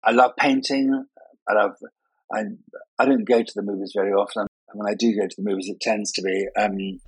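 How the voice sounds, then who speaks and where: A man's voice: lowish voice, steady tone, brisk, slightly rough, dry recording, rough recording. An older man, raised in Scotland but with no Scottish accent, chatting as a guest in a conversational interview, telling self-mocking, playful stories. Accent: none, sounds English despite Scottish upbringing. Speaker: guest, party and wedding designer. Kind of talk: anecdotal conversation.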